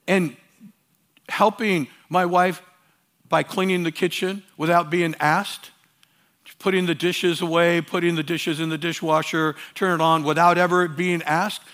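High-voiced man preaching a sermon. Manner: emphatic, swings between loud urging and quiet asides; repeats phrases for emphasis. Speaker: pastor.

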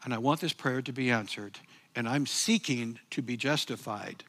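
A man preaching a sermon, moving between hushed, intense passages and loud, emphatic bursts while speaking to his listeners casually. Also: mid-range voice, normal speed. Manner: addresses listeners as "guys".

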